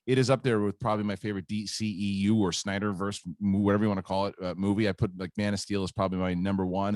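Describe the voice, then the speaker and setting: A middle-aged man hosts a casual talk show in a fairly low voice. He tells stories in a halting, rambling way, full of restarts and repeated words. The sound is dry and close. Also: dry recording. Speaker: host. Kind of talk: casual chat.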